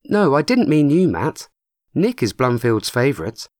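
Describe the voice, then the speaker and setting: A man puts on a young woman who speaks clearly and precisely, lifted well above his usual pitch. Her lines rise and fall with lively range, and the audiobook sound is close and dry. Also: a little slow, no echo.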